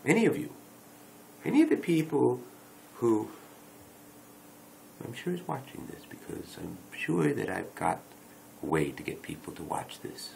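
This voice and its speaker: A man's voice: medium pitch, sing-song, a little slow, gravelly, a little mellow, slight background noise, rough recording. A man talking to his viewers in a rambling, wry, self-correcting late-night monologue on a dedicated microphone. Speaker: video blogger. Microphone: dedicated microphone rather than phone.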